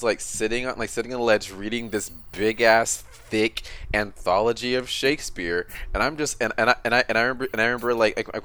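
A man's voice: medium pitch, a bit bright. A young man co-hosting a casual podcast, telling a rambling, nostalgic story with many restarts. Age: young adult. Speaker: podcast co-host. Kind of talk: casual group chat.

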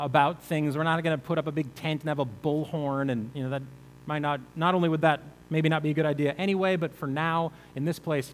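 A man's voice: fairly high pitch, big-room sound, low-quality recording. A male pastor preaching a conversational sermon, asking the listeners rhetorical questions.

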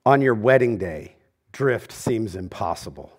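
A middle-aged man preaching a sermon as pastor in a church. He talks conversationally and drops to a near hush on key lines. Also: lowish voice, lively intonation, a little slow. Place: church sanctuary.

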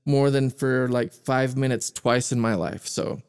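A man's voice: medium pitch, flat delivery, clear, resonant tone. A man hosting a podcast who talks casually, often hesitating and restarting with fillers. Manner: hesitant, halting, with many fillers. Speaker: podcast host.

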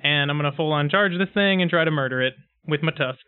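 A man's voice: fairly high pitch, quick pace, clear, resonant tone. A man playing a tabletop game, joking and laughing along with the table. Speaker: player. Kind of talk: casual tabletop play. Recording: tinny call audio.

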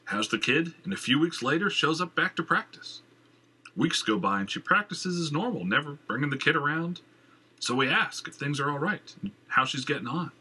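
A man's voice: fairly high pitch, expressive, normal speed, sharp tone, husky, voice pushed up, full character voice. Bartolus: a man doing a fussy, pompous theater owner.

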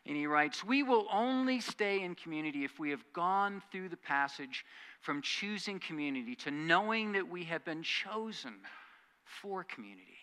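A man delivering an earnest sermon from the pulpit. His voice sits a little high, with a bright, forceful edge. He pushes key lines out loudly, then drops to soft, quiet asides. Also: animated, moderate pace, clear, resonant tone. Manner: earnest preaching that swings from loud emphasis to quiet asides. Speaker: pastor.

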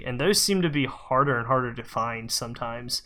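A man's voice: mid-range voice, animated, moderate pace, sharp tone. A man co-hosting a video game podcast in casual chat, talking loosely with many fillers and restarts. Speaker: podcast co-host.

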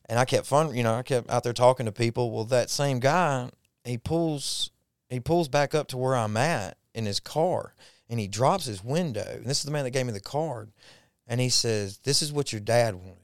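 A man's voice: medium pitch, moderate pace, clean tone, dry recording, studio quality. A man telling a personal faith story in a folksy, repetitive way on a podcast. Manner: folksy Southern-style storytelling, repeats himself when moved. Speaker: podcast guest.

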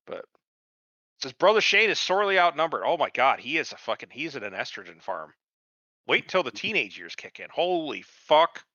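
A man's voice: medium pitch, big pitch swings, a little fast, sharp tone, dry recording. A man co-hosting a podcast in casual chat, rambling and swearing a lot. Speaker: podcast co-host. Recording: dull dry lo-fi sound.

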